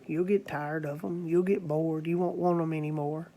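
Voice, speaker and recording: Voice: mid-range voice, fairly even intonation, normal speed, mellow, lightly acted. A preacher voicing a patient, kind preacher in a parable who keeps asking questions. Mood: questioning.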